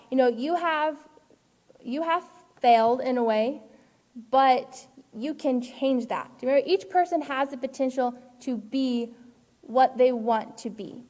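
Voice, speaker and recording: A woman's voice: sits high, measured pace, mellow, in a large hall. A woman teacher giving an online character-education lesson in an earnest, encouraging way. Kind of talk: live online class lesson.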